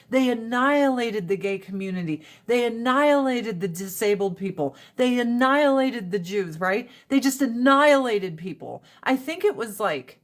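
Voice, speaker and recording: A woman hosting a casual live stream, talking bluntly with plenty of profanity and ranting with rising emphasis. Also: a little high. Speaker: livestream host. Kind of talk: casual livestream chat.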